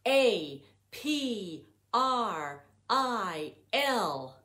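A woman hosting a children's story time as a librarian, leading chants and songs in an animated, sing-song, exaggerated way for small children. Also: medium pitch, takes it slowly. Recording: echoey room with faint noise.

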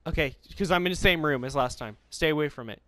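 A young man giving casual, excitable gaming commentary, pleading and yelping in bursts. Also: a little high, quick pace, dry recording. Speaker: gamer.

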